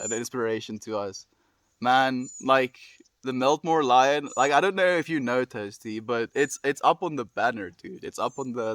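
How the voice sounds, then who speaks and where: A man's voice: mid-range voice, fairly bright tone, no echo. A young man streaming, chatting with his viewers in an earnest, heartfelt, rambling way, sighing often. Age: young adult. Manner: earnest, heartfelt and rambling, full of sighs and "dude". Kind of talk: casual chat with viewers.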